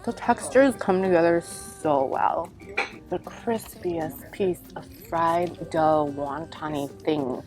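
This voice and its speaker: Woman food vlogger, low voice, eager, murmuring between bites, casual. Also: takes it slowly, music in the background. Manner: enthusiastic, savoring, murmurs and hums between bites. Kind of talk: casual food tasting vlog.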